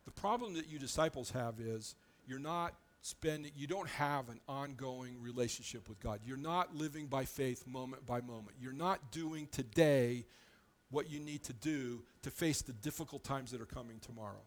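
A man delivering a sermon as a pastor, with a mid-pitched voice of ordinary height. He preaches conversationally and plainly, often breaking off and restarting a phrase as he works through his explanation. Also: normal speed.

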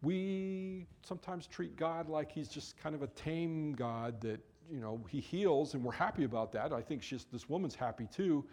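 A man's voice: on the high side, animated, normal speed, hardly any pauses, a little mellow. Man preaching a conversational sermon. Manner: conversational, acts out quoted figures. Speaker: pastor. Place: church.

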